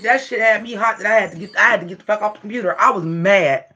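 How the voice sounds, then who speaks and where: A man with a high voice chats and rants on a livestream, animated and full of profanity as he talks straight to his viewers. The audio is dull and lo-fi. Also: fast talker, husky. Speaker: livestream vlogger. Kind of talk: casual livestream chat.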